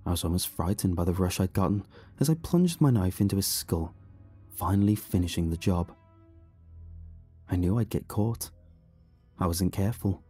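A man reading a horror story aloud in a slow, hushed, brooding way. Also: deep voice, lively intonation, husky, faint music behind. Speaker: narrator. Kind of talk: scripted horror narration.

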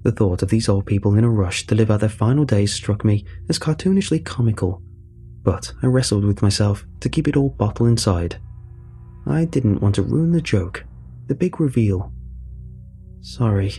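A man narrating a first-person story in a measured, dry way. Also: fairly low pitch, expressive, dark tone, soft background music.

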